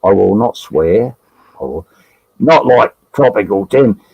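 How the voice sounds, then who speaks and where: This Australian man talks in a gravelly, husky voice at a slow, easy pace. His pitch swings widely as he rambles through jokes and breaks into laughter. The sound is dry and close. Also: lively intonation, no echo, narrow, tinny audio. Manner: rambling, jokey, laughs often. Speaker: live stream guest. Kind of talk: casual live stream banter.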